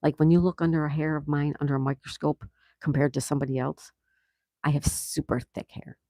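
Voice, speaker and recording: A man's voice: a little high, flat delivery, fairly quick, a little mellow, dry recording. A man hosting a casual livestream, reading viewer comments aloud and reacting with easy laughs. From United States. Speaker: livestream host reading chat. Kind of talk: casual live chat.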